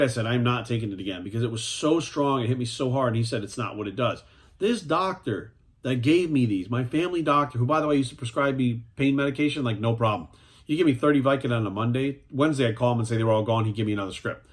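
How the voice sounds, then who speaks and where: In a blunt vlog rant, a male fitness coach in his forties swears freely and keeps tacking on "right?" as he drives his points in. His mid-range voice is expressive and quick.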